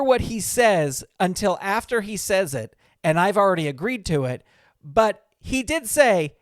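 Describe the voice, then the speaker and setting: A man's voice: sits high, lively intonation, normal speed, dry recording, studio quality. A man hosting his own podcast, telling a story in a chatty, rambling way that stops and restarts often. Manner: rambling, self-interrupting, chatty. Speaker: podcast host. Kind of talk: casual storytelling monologue. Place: small recording studio.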